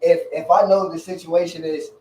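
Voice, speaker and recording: A man co-hosting a podcast, talking in a reflective, halting way with some profanity in casual chat. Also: on the high side, level tone, darkish tone, echoey room, distant mic, a little hiss or hum, rough recording. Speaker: podcast co-host.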